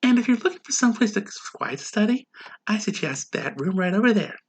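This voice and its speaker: A woman voicing a flirtatious adult librarian in a comedic sitcom reenactment, coy and soft-spoken. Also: medium pitch, expressive, fairly quick, breathy edge. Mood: sultry.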